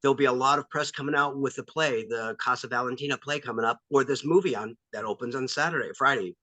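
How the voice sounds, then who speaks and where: A male actor as interview guest, talking candidly and pausing often with ums. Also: medium pitch, sharp tone, no echo, low-quality recording. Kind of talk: casual interview.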